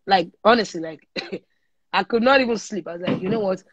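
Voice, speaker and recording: A young woman with a Nigerian accent tells her story in a relaxed interview, dropping into pidgin as she goes. She speaks into a phone on a live stream, so the audio sounds muffled and lo-fi. The room is dead, with no echo. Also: medium pitch, moderate pace. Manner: lively storyteller mixing in pidgin. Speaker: singer guest. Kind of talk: casual interview chat. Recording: dull lo-fi livestream audio.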